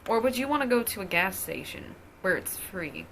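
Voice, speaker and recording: A woman's voice: medium pitch, big pitch swings, moderate pace, a bit bright. A young adult woman telling a personal story in a casual vlog, profane and exasperated. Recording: clear music playing behind the voice. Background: music.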